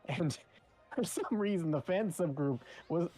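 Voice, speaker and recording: A man streaming, chatting casually and telling animated stories with frequent laughs. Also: on the high side, unhurried, faint music behind. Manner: animated storyteller, laughs often. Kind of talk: casual chat.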